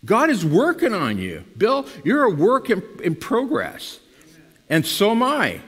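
Animated preaching man in a reverberant hall. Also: high voice, a little slow, slightly rough. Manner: lively preaching, rising to shouts for emphasis. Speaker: pastor. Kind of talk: sermon.

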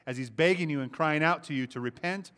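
A man's voice: a little high, brisk, a bit bright, smooth. A man preaching a sermon, impassioned, repeating phrases and acting out the speech he quotes. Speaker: pastor.

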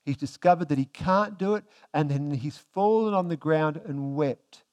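Conversational male preacher. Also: a little high. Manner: conversational, reads scripture slowly and softly. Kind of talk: sermon.

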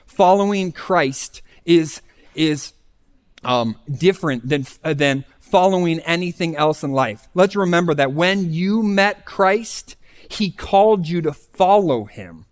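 A man preaching a sermon as a pastor, telling a story in an easy, conversational way before moving into teaching. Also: a little high.

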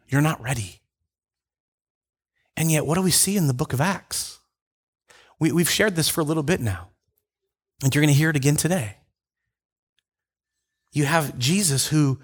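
A middle-aged male pastor preaching a sermon, retelling scripture stories with voices for each character. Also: on the high side. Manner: storytelling with acted-out voices for biblical figures.

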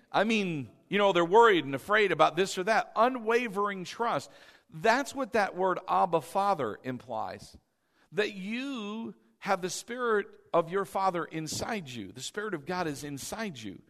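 Man, pastor, sermon, high-pitched, conversational, repeats for emphasis, echoey church. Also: fairly bright tone. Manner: conversational, often checks in with the congregation; emphatic, repeats key phrases.

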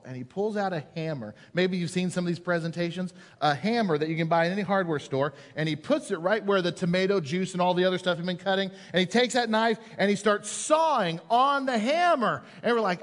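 A man's voice: sits high, fairly quick. A male pastor preaching a sermon, telling a personal story and acting out the voices of the people in it before turning to scripture. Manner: storytelling, acts out quoted voices, builds to emphasis. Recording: long hall reverb.

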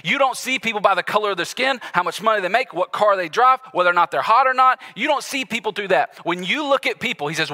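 A man preaching a sermon, walking the congregation through a passage in an animated, conversational way with sudden loud bursts. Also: sits high, quick pace, few pauses. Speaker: pastor. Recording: long hall reverb.

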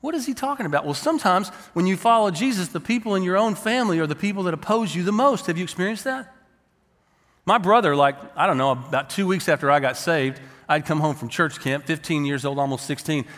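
Man, middle-aged, pastor, storytelling sermon, fairly high voice, reverberant church hall. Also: brisk, fairly bright tone. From Texas. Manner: storytelling, acting out quoted people. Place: church sanctuary.

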